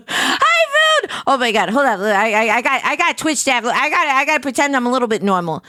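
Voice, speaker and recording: A young adult woman streaming as a VTuber, bubbly and giggly, with a squeaky voice and lots of stammered repeats. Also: animated, fast talker, bright, forceful tone, no echo, studio quality. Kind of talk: casual live stream chat.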